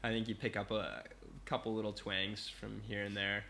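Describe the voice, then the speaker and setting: A man's voice: lowish voice, level tone, normal speed, gravelly, bright, forceful tone. A man from Canada, a movement coach guesting on a podcast, talking in a laid-back, easygoing way with plenty of fillers. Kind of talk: casual interview chat. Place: Bali.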